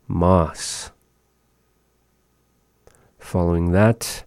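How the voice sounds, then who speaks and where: Deep-voiced man, slow, patient vocabulary teacher, dry close sound. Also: steady tone, dark tone, no room sound. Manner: slow, repeats each word, chuckles at odd words. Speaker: language teacher. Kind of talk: word-by-word vocabulary lesson.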